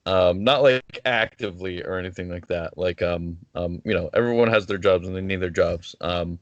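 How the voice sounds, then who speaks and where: A man's voice: low-pitched, moderate pace, no echo, highs cut off. A man talking casually as a guest over a video call, hesitant with many restarts. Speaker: wrestler guest. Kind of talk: casual interview chat.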